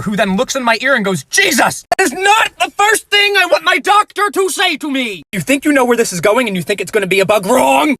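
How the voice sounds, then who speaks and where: Man, comic storyteller, wry, bright tone, dry close sound. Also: very high voice, dry recording. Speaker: TikTok creator.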